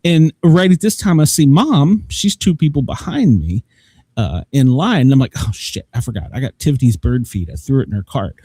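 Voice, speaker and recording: A man's voice: medium pitch, animated, moderate pace, warm tone, slightly rough, no room sound. A man telling a long, rambling story in casual chat as a show host, laughing often. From Southern United States.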